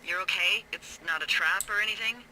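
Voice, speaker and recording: A woman's voice: medium pitch, a little fast, lightly acted. A woman voicing a teasing, wry female fire lookout who banters over the radio. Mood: concerned. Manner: playful, flirty banter. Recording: heavy background noise in game audio.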